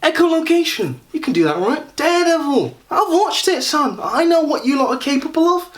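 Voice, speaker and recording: A man voicing a brash, patronising Essex bloke with a loud, matey manner. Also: very high-pitched, sing-song, brisk, voice pushed up. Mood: cocky.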